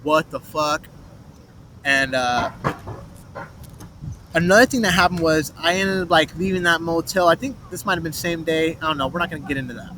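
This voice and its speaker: Young guy rambling a story outside, kinda high voice, lots of street noise. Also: normal speed, pauses often. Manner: rambling, restarts, swears, mimics others' voices in quotes. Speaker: vlogger telling a personal story. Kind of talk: rambling first-person storytelling. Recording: noisy street, traffic behind.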